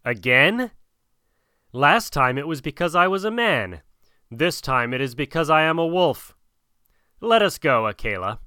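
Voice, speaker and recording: A man's voice: on the high side, very animated, unhurried, long pauses, sharp tone, clear, resonant tone, no room sound, heavily acted. A man voicing a proud young boy raised in the jungle, speaking in a commanding, scornful way.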